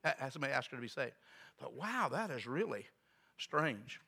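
A man's voice: mid-range voice, big pitch swings, normal speed, creaky, bright, forceful tone, breathy edge. A man preaching a sermon in a rambling storytelling way, with asides to the congregation.

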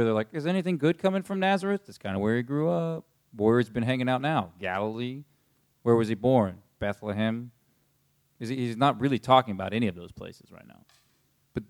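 Man teaching the Bible casually. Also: a little high. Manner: conversational, paraphrasing with lots of fillers. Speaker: pastor.

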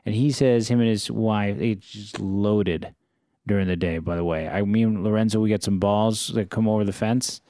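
A man in casual conversation, telling animated stories about his neighbors and acting out their lines. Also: on the low side, moderate pace, dry recording. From Los Angeles area. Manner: animated anecdotes, mimics neighbors. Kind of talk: casual storytelling chat.

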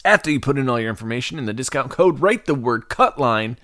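Animated man hosting a podcast. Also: medium pitch, fast talker, no echo, studio quality. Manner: animated and jokey. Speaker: podcast host. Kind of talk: casual betting-podcast talk.

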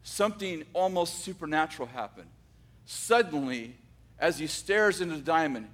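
A man with a rather high voice telling a story aloud. He takes his time, drawing out dramatic moments with pauses and frequently backtracking to restart a sentence. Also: expressive, a bit bright. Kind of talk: oral storytelling.

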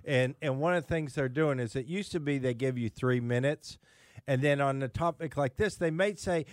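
Indignant guest on a radio show. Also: male voice, medium pitch, normal speed, no echo, studio quality. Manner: indignant, emphatic, with restarts. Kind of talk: casual radio talk.

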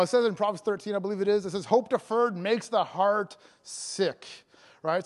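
A man evangelist preaching a sermon, joking and laughing between lines and breaking into loud proclamations of scripture. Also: sits high. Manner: jokey, laughing often, bursts of loud proclaiming.

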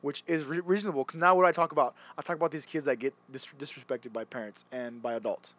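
A man's voice: medium pitch, fairly even intonation, fast talker, a bit bright. A young man chatting casually, rambling and restarting often as he retells stories. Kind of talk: casual chat.

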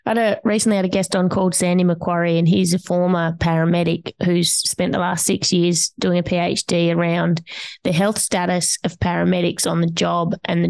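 A woman's voice: fairly low pitch, creaky, a little mellow. A woman hosting a podcast interview, curious and engaged, who asks reflective questions. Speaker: podcast host.

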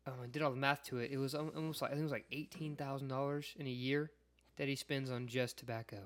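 A man's voice: medium pitch, steady tone, fast talker, a bit bright. A young man from Jacksonville, Florida, co-hosting a podcast, telling laid-back anecdotes with plenty of swearing. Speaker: podcast co-host. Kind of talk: casual podcast chat.

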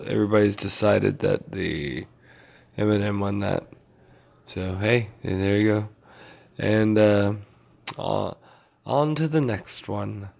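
A man with a low-ish, gravelly, slightly mellow voice posts a rambling vlog update for his followers. He sounds tired and yawns, staying laid-back, meandering, and full of fillers.

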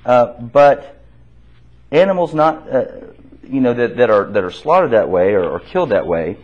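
Man teaching a lively Bible class. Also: medium pitch, moderate pace. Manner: asks the class questions and repeats their answers; conversational, with restarts. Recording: dull lo-fi classroom recording.

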